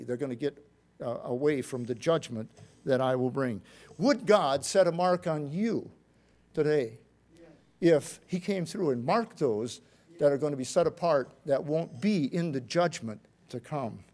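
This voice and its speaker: A man preaching a sermon, with an emphatic delivery that rises loud and drops low. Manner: emphatic, rising and falling delivery.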